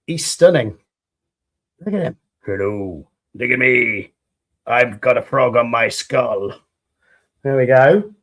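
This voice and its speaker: A man with a British accent chatting enthusiastically on a live stream while demolding resin pieces, a little croaky after hours of talking. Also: a little high, a little mellow. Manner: chatty and enthusiastic, greeting viewers.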